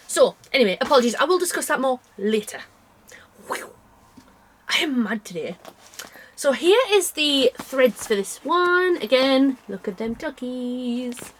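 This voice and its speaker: A British woman vlogging from her bedroom, rambling cheerfully about her cross stitch with plenty of self-mocking asides. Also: on the high side. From United Kingdom. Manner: rambling, chatty and self-deprecating, with frequent asides. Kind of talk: casual chat to camera.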